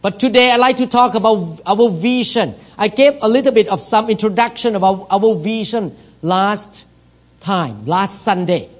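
A man with a foreign accent preaching a sermon as pastor, in simple broken English that builds to loud, emphatic preaching. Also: high-pitched, expressive, moderate pace, muffled recording.

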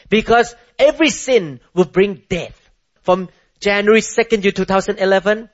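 A man with a high voice preaches with heavy emphasis, firing rhetorical questions and spelling key words out letter by letter. The sermon comes through a muffled, low-fidelity recording. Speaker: pastor.

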